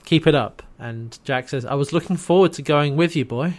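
A man with a slightly higher voice co-hosts a relaxed podcast chat. He recaps an episode scene by scene and quotes the characters' lines softly in between. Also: moderate pace. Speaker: podcast co-host.

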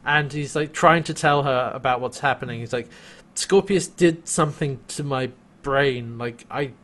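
A man in casual chat, recapping a TV episode with a co-host, animated and quick to act out lines and laugh. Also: mid-range voice. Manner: animated, acts out quotes, laughs often. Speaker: podcast co-host.

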